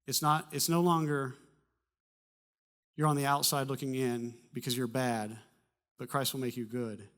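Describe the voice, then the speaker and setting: A man's voice: mid-range voice, flat delivery, normal speed, long pauses, a bit bright. Humorous man preaching a sermon. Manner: conversational storytelling with humor. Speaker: pastor. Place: church.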